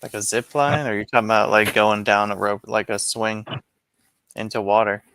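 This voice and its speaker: A man's voice: fairly low pitch, level tone, normal speed, fairly bright tone, smooth, no room sound. A young man in casual chat, telling long profane stories in a rambling way.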